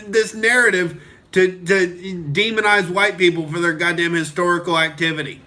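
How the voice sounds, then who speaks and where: A man's voice: high voice, fairly even intonation, normal speed, pushed and bright. A young male comedian from Oklahoma ranting on a live stream, heated and profane, reading out and answering viewer comments.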